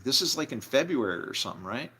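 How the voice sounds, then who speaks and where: A man's voice: mid-range voice, sing-song, quick pace, bright, forceful tone, slightly rough. A man telling a story from his own life in a casual, rambling way, full of fillers and restarts. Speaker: storyteller, former band member.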